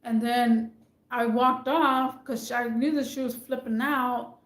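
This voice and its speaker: Woman, higher voice, emphatic casual rant, repeats herself, roomy echo. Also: steady tone, slow. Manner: emphatic and indignant, repeats points. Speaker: retail worker venting about managers. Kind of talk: casual vlog rant to camera.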